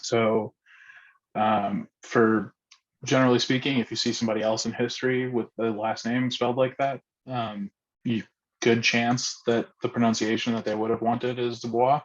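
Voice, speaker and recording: A man's voice: medium pitch, level tone, moderate pace, muffled recording. A man facilitating an online group discussion, speaking hesitantly with many ums and restarts.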